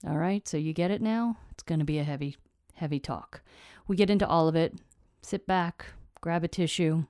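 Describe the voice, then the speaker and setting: A woman's voice: low-pitched, normal speed, mellow, no echo, studio quality. Earnest, emotional woman podcast host. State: close to tears. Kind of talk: podcast interview.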